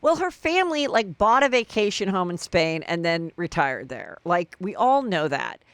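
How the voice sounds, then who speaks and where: A woman's voice: fairly low pitch, big pitch swings, moderate pace, clear, resonant tone, dry recording. Chatty woman hosting a gossip podcast. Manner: chatty, gossipy, acts out quotes. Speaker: podcast host. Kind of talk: solo celebrity gossip podcast.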